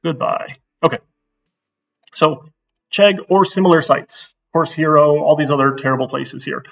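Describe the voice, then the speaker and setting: A man's voice: fairly high pitch, normal speed, vocal fry, a bit bright, recorded from a distance, dull audio. A middle-aged man giving a casual, blunt course intro lecture to a class, getting worked up as he talks. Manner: blunt, chatty, gets worked up. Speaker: university instructor.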